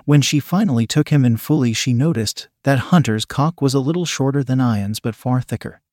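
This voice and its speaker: Man, story narrator, steady read-aloud delivery, dry close recording, mid-range voice. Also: medium pitch, a little fast, no room sound.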